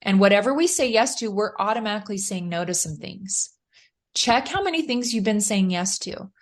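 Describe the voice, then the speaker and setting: A woman's voice: medium pitch, lively intonation, normal speed. A middle-aged woman, a motivational speaker, giving earnest and encouraging advice as a guest in a podcast interview.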